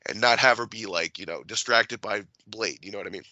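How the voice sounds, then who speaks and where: A man's voice: fairly low pitch, fairly quick, dry recording, dull audio. A man co-hosting a podcast, chatting casually and swearing freely as he retells scenes. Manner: swears a lot, animated retelling. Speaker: podcast co-host. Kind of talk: casual chat.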